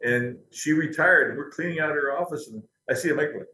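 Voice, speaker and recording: A man's voice: fairly high pitch, quick pace, pushed and bright, slight background noise. A man, a company historian, telling anecdotes in an interview, chatty and laughing now and then. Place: company building. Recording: roomy echo.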